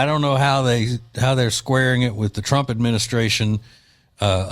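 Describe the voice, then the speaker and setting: A man hosts a talk radio show from the studio, his voice sitting at an ordinary middle pitch. He talks loosely and opinionatedly, drifting between jokes and rants with plenty of fillers. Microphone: studio mic.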